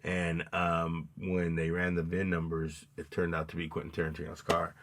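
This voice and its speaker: Animated, swearing man retelling a movie. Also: low voice, moderate pace. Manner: animated retelling, acts out scenes with loud outbursts, swears a lot. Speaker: podcast co-host. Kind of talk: casual movie review chat.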